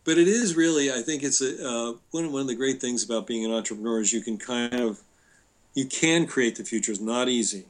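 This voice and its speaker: A man's voice: mid-range voice, brisk. An older man, a guest entrepreneur, talking casually in a podcast interview, telling anecdotes and quoting people with a chuckle. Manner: storytelling, quoting others, chuckling.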